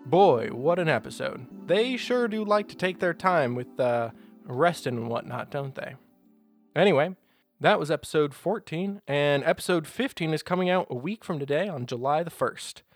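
A man's voice: a little high, no echo, clean studio sound. A man running a tabletop game as game master and host, describing scenes and chatting playfully. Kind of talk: narrating a tabletop game and podcast outro.

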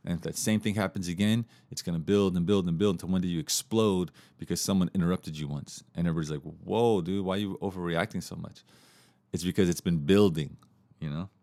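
A man hosting a podcast, teaching communication skills in a relaxed, casual way, with fillers and restarts. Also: deep voice, fast, no room sound. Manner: relaxed, repeats himself, many fillers and restarts.

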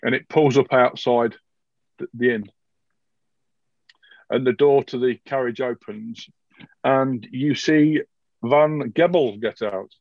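Gravelly guy running a tabletop game, lots of ums, dry close mic. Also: medium pitch, dry recording, muffled recording. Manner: halting, filler-heavy narration. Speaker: game master.

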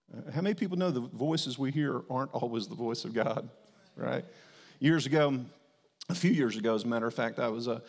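A male pastor preaching a sermon, telling a story and rising to emphatic declarations. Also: mid-range voice. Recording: long hall reverb.

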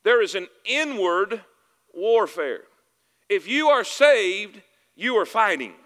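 With big pitch swings and a slow pace, a pastor from the Southern United States preaches in a high, bright voice that cuts through the room. He calls out for amens, asks "y'all with me," and repeats phrases for emphasis as long reverb lingers after each line.

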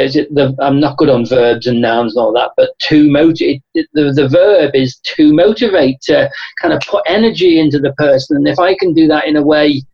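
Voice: mid-range voice, muffled recording. Rambling guest with a Liverpool accent. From Liverpool, England. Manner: rambling, restarts phrases, animated storytelling. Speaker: guest, motivational coach. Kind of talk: casual interview chat.

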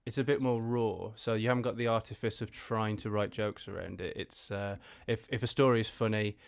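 A man from the Black Country with a Black Country accent, a comedian chatting as a podcast guest, halting with many restarts and easy laughs. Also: on the low side, steady tone, creaky, clean tone. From Black Country, England. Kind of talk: casual podcast chat.

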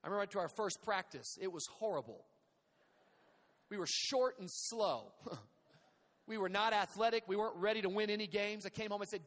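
A male pastor praying and preaching in a church, energetic and humorous, calling out to the congregation. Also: sits high, moderate pace, long pauses. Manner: energetic, humorous, calls to the crowd. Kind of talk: sermon with storytelling. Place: church sanctuary. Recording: long hall reverb.

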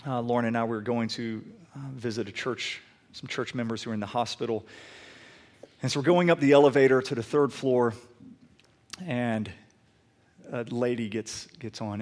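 A male pastor delivers a sermon from a church sanctuary. His voice sits at an ordinary middle pitch. He swells into loud, pleading emphasis, then settles back into easygoing, conversational storytelling. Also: fairly even intonation, moderate pace.

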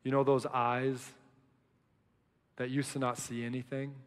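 A man preaching a casual sermon, telling stories with emphatic swings from quiet, low lines to loud, excited ones. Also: unhurried, clean tone, in a large hall. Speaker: pastor.

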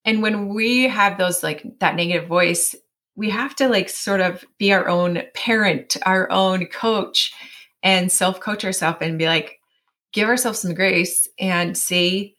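Here is a bright, clear-toned woman in her forties who speaks at a middle pitch, chatting as an interview guest. Her talk runs loose and casual, with lots of "like" and "um". She keeps slipping into lively quotes of her own inner voice. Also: a little slow. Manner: chatty, many fillers, animated self-quoting. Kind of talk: personal storytelling in an interview.

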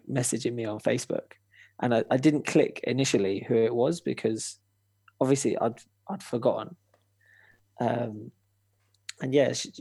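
Gravelly young man telling a story. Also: mid-range voice, no room sound. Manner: animated, acts out quoted voices, swears, laughs. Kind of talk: casual storytelling chat.

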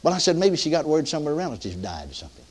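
Older male preacher, folksy storyteller, swings his pitch widely for emphasis. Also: big pitch swings, racing, darkish tone, husky. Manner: folksy, repetitive restarts, rising emphatic peaks. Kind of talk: sermon storytelling.

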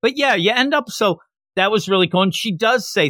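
A man co-hosting a casual podcast chat, talking in an animated way and laughing as he retells scenes. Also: high-pitched, fairly quick, dry recording, studio quality. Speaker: podcast co-host.

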